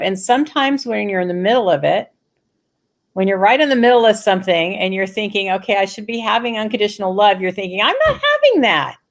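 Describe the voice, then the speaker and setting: Gravelly-voiced woman hosting a talk show. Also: medium pitch. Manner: earnest, thinks aloud in rushed bursts with restarts. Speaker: host. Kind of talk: reflective conversational interview.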